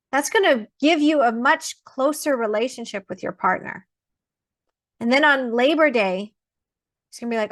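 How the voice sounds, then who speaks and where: A woman in her thirties gives a casual online class with a bright, fairly high voice. She talks emphatically and conversationally, often stopping to check in with her listeners. The sound is close and dry, with no room around it. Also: normal speed, no room sound. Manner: emphatic, conversational, acts out quoted people. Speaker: birth educator.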